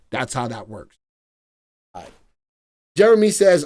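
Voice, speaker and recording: A man's voice: medium pitch, normal speed, long pauses. Playful middle-aged male market show host. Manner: energetic, chatty and playful, breaks into song. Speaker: stock market analyst host. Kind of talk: live stream market commentary.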